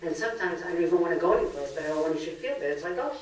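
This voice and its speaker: A woman's voice: on the low side, animated, very fast, close to an everyday voice. A woman voicing a boastful elderly mother bragging about her son, in a smug tone. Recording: echoey hall from far off, faint noise.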